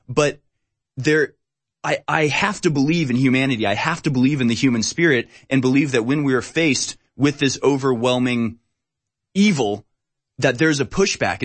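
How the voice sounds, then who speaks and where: A male podcast host in casual conversation, emphatic and given to repeating himself. His voice sits at a middle pitch and he talks at an everyday pace. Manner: emphatic, repetitive. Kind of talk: casual political chat.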